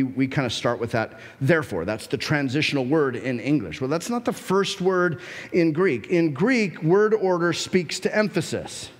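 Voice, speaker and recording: A male pastor preaching a sermon, animated and emphatic, sometimes acting out the voices of his listeners. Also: fairly high pitch, long reverb tail. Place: church sanctuary.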